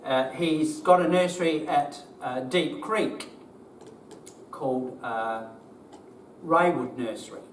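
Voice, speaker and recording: A man's voice: on the high side, slow pace, long pauses, slight background noise. An older man with an Australian accent, a business owner telling a group his story in a plain-spoken, emotional way, with rhetorical questions. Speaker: business owner giving a talk. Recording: roomy, distant mic, faint background ambience.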